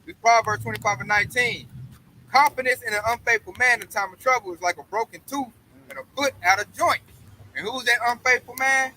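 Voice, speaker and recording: Bright high-voiced man preaching casually. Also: a little fast, a little hiss or hum, low-quality recording. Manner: emphatic, slangy, keeps saying "man". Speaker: Bible study co-teacher.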